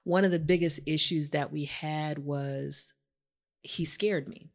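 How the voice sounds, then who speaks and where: A woman's voice: deep voice, steady tone, slow. A woman co-hosting a podcast, talking in a casual, informal way and acting out her own thoughts as she tells a personal story. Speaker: podcast co-host. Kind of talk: casual conversation.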